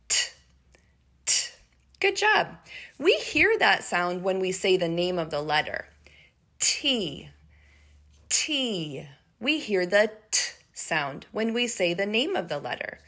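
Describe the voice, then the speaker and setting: A middle-aged woman teaching preschoolers from home, speaking slowly in an encouraging, sing-song manner. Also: lowish voice, fairly bright tone. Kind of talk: video lesson for young children.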